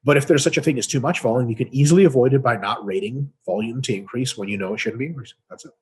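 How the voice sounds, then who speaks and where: A man's voice: medium pitch, rapid-fire, breathy edge. A man co-hosting a casual webinar, answering training questions in a blunt, profane, explanatory way. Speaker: co-host answering fitness questions.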